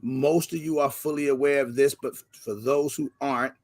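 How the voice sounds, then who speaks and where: A man hosting a casual livestream, giving energetic slangy shout-outs to viewers by name. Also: mid-range voice, moderate pace. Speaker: livestream host.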